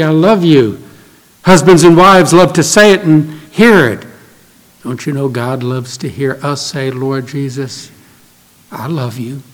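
Earnest preacher man in a reverberant church. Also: medium pitch. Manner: earnest preaching, swinging from emphatic to hushed. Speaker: pastor. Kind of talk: sermon. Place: church sanctuary. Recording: long reverb of a church hall.

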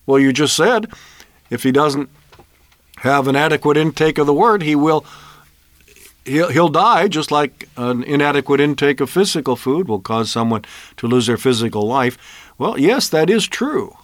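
A man's voice: fairly high pitch, animated, normal speed, dry recording. A man giving an earnest, emphatic Bible sermon on the radio, often asking rhetorical questions. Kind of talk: broadcast sermon.

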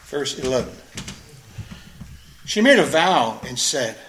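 A man's voice: mid-range voice, very animated, slow pace, fairly bright tone, echoey room, slight background noise, low-quality recording. A man preaching a sermon, reading scripture aloud and explaining it, earnest and emphatic, repeating phrases for stress. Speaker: pastor.

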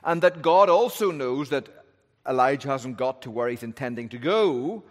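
A man's voice: medium pitch, lively intonation, normal speed. A male pastor preaching an expository sermon in a thoughtful, conversational way, often posing rhetorical questions. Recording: long reverb of a large hall.

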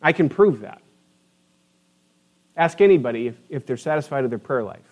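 A man's voice: medium pitch, animated, moderate pace, a little mellow, highs cut off. A man pastor preaching a sermon in a church, earnest and conversational, with frequent restarts. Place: church sanctuary.

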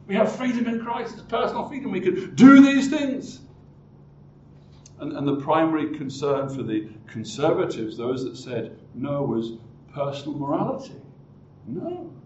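A man's voice: a little high, a little mellow, slight background noise. A man preaching a sermon in a church, acting out the voices of the people he quotes and often restarting his words. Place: church hall. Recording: roomy hall, distant mic, dull sound.

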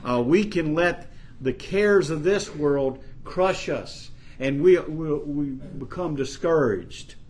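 With a fairly high pitch, lively intonation and a darkish tone, this man delivers a sermon. He reads and explains scripture slowly and earnestly, rising to emphasis on the quotes.

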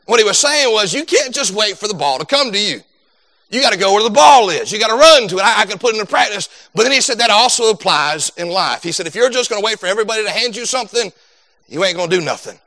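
A young man preaching a sermon, animated and dropping into quoted voices. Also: sits high, quick pace, dry recording.

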